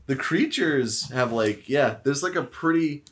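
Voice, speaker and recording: A man on a podcast with a lively voice that swings up and down as he talks. His chat is casual and jokey, mid-pitched for a man. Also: unhurried. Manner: lively, jokey, laughs often. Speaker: podcast co-host.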